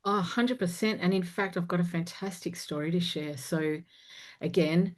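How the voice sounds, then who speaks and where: A woman guest, a confidence coach and performer, telling personal stories candidly in a podcast interview, animated and frank, with some casual swearing. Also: on the low side, normal speed. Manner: animated, swings loud and soft while retelling a story.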